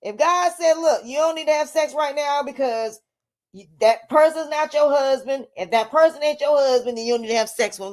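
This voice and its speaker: A woman speaks straight to her camera in a casual vlog. Her voice sits high, and she sounds defiant and emphatic. She circles back over the same points and breaks into laughs. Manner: defiant, emphatic, repeats herself, laughs often. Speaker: vlogger, life coach.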